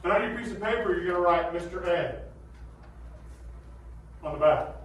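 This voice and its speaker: Male choir teacher, bass baritone, lively and demonstrative, distant mic in an echoey classroom. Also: moderate pace, slight background noise. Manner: animated, demonstrative, checks in with the class often. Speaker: middle school choir teacher. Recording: echoey room, voice from far off.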